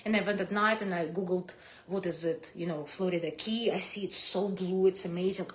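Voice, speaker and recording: Animated woman with a Russian accent. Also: normal speed. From Kazakhstan. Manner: animated, big swings in pitch and loudness, non-native grammar. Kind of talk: casual personal storytelling to camera.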